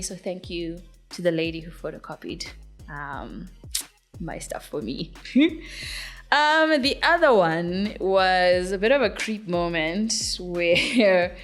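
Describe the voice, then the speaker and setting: In a lowish voice, a young singer-songwriter from Zimbabwe chats through an interview, giggling and leaning on plenty of fillers.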